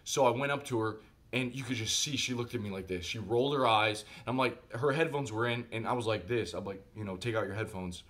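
A man telling a personal story in a casual vlog monologue, animated and conversational, speaking directly to his viewers. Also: mid-range voice, fairly quick. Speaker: vlogger.

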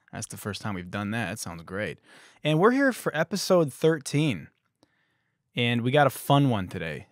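A man in his thirties hosting a podcast, telling a comic story in a sarcastic, animated way. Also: fairly low pitch, no echo, clean studio sound. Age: 30s. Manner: sarcastic, animated, puts on voices for quoted people. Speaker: podcast host. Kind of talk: comedic storytelling monologue.

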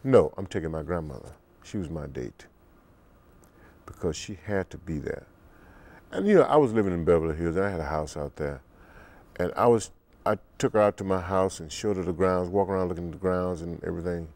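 An older man, a musician guest in an interview, telling stories in an unhurried way and acting out the quotes. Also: a little mellow. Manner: deep, unhurried storyteller who acts out quotes. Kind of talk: relaxed storytelling interview.

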